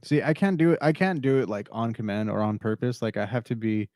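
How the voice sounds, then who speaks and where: A man's voice: medium pitch, a little fast, darkish tone, dry recording, clean studio sound. A man hosting a podcast, chatting casually and crudely, swearing and teasing his co-host. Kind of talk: casual chat.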